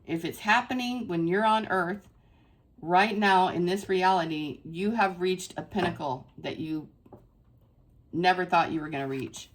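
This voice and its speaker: A woman's voice: fairly low pitch, measured pace. Effusive woman giving a tarot reading. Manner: effusive and emphatic, repeating phrases for stress. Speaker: tarot reader. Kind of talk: casual spiritual tarot reading to camera.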